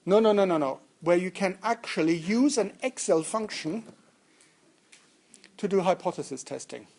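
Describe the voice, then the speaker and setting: A man's voice: high-pitched, animated, moderate pace, creaky, a little mellow. A man lecturing students in a lecture room, jokey and interactive, often putting questions to the class. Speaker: university lecturer. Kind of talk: lecturing on statistics.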